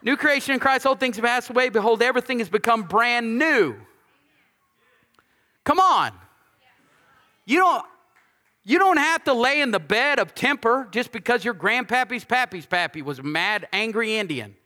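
A male pastor with a high, bright, forceful voice preaches in a lively, joking, conversational way. He drives points home by repeating lines, and his voice rings with the long reverb of a large church hall. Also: normal speed. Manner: repeats key lines for emphasis. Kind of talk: sermon.

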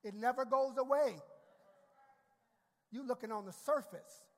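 A male pastor preaching a sermon, repeating words and rising to shouted climaxes. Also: very high-pitched, unhurried. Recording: long hall reverb.

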